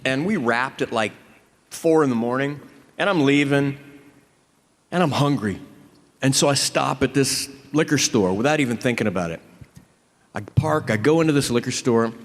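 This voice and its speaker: Animated man telling a profane story in a hall. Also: mid-range voice, normal speed, pauses often. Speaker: actor on a convention panel. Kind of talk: storytelling on a panel. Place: large convention hall. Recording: reverberant hall.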